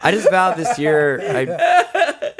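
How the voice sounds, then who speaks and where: Gravelly, hesitant man on a podcast. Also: wildly swooping pitch, slow, fairly bright tone, slight background noise. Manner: hesitant, low-key.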